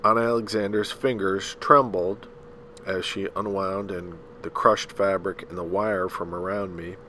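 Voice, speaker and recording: A man narrating a novel aloud in a measured, dramatic storytelling manner, with the occasional slip. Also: low voice, steady tone, sharp tone, slight background noise, low-quality recording. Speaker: audiobook reader.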